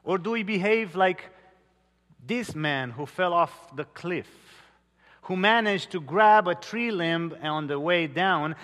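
A man preaching a sermon, telling stories earnestly with dramatic pauses. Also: sits high, lively intonation, a bit bright. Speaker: pastor. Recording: long hall reverb.

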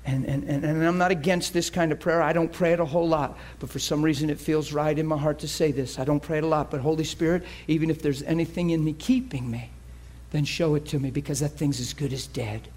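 A man's voice: fairly high pitch, fairly even intonation, quick pace, few pauses, a little mellow. Emotional preacher man, laughing often. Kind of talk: sermon.

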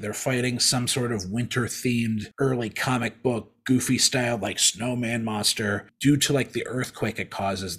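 Podcast guy telling a story, rambly, lots of restarts, low-ish husky voice. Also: a bit bright. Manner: rambling, stammering restarts, acts out quotes. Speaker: podcast co-host. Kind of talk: casual storytelling.

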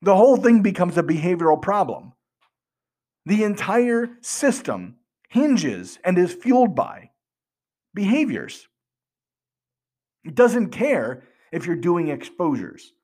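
A man's voice: sits high, big pitch swings, slow pace, long pauses, darkish tone. A man hosting a podcast, explaining earnestly with rhetorical questions and frequent restarts. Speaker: podcast host.

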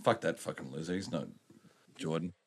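A man co-hosting a podcast, talking in crude, rambling banter and reading sports news haltingly. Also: extremely low pitch, husky. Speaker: podcast co-host. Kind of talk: casual sweary podcast banter.

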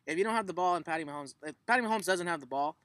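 Male co-host, bright, slightly higher voice, profane, emphatic storyteller, dry close sound. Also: racing, no room sound, rough recording. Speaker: podcast co-host. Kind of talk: casual sports chat.

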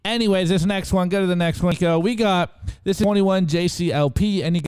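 A man co-hosting a show, running through memes in an excitable, slangy way and directing his co-host. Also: high-pitched, a little fast, clean tone. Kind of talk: casual show commentary.

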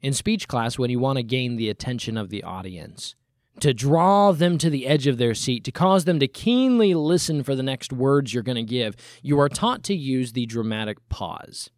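A man delivers an animated sermon in clean, dry studio sound with no room noise. He poses rhetorical questions and pauses deliberately, rising sharply on key points and dropping low to close them.

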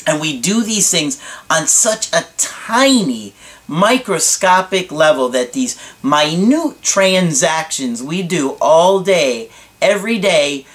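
A man's voice: on the high side, lively intonation, slow, fairly bright tone. A man who works as a relationship coach, reading a viewer's email aloud and commenting on it in a direct, frank way, asking pointed rhetorical questions.

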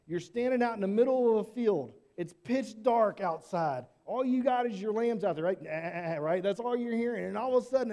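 A high-pitched man tells children a Bible story in church, keeping things casual and animated and frequently asking them questions.

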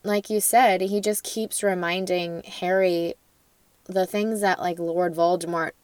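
Low-voiced woman podcaster, casual. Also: measured pace, clean tone, no room sound. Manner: relaxed, reflective, filler-heavy. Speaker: podcast co-host. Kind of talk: casual book discussion.

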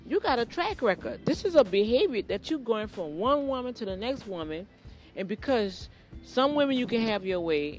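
A preacher giving an informal sermon, earnest and addressing listeners directly, often repeating phrases. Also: mid-range voice.

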